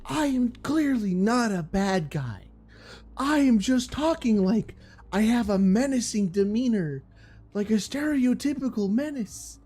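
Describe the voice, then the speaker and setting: A man mocking a slow, drawling stock villain. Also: extremely high pitch, lively intonation, dark tone, slightly rough, voice pushed up, full character voice. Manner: slow mock-menacing drawl. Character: stereotypical menacing male game villain, mocked.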